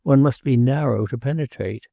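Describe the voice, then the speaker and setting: A man's voice: medium pitch, moderate pace, creaky, mellow, dry recording. A male audiobook narrator voicing a blunt, plain-spoken young working man with a Northern English accent. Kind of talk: audiobook character reading.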